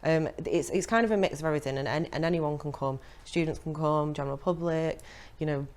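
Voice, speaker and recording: Low-pitched woman, chatty radio guest, stop-start delivery. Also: a little mellow. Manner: chatty, halting, many fillers. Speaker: theatre front of house coordinator, guest. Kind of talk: casual radio chat.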